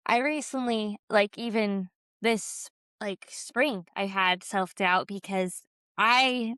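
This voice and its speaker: A young woman talks in a smooth, clear voice, chatting candidly on a podcast. She leans on fillers and swears casually. The sound is dry and close. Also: mid-range voice, slow, a bit bright, no echo. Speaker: podcast co-host and small craft business owner. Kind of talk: casual chat.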